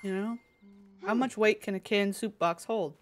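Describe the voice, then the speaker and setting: Woman, live streamer, casual chat, playful, thinks out loud, middle pitch. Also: normal speed, faint music behind. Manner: chatty, playful, thinks aloud.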